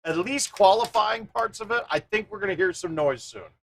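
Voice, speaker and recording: A man hosting a live stream, chatting casually with viewers and thinking out loud as he plays a golf game. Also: high voice, lively intonation, normal speed, gravelly.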